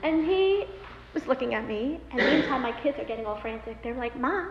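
A woman in her thirties telling a personal story, animated, with many fillers. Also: high voice, brisk. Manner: animated, many fillers, acts out quoted voices. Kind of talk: personal story told aloud. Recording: roomy hall with long reverb, dull lo-fi sound, faint noise.

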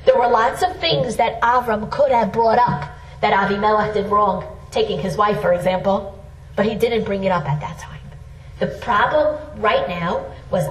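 A woman's voice: a little high, normal speed, slight background noise. A middle-aged woman giving an earnest, emphatic Torah lesson. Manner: earnest, emphatic, with rising exclamations. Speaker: Torah teacher. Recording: roomy sound from a distant mic.

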